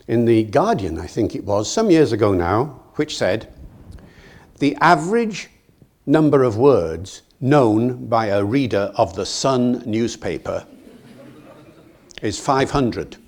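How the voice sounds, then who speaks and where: Older British man, playful public lecture. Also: medium pitch. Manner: lively, self-mocking and anecdotal, acting out quoted dialogue with chuckles. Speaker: guest lecturer. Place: lecture hall.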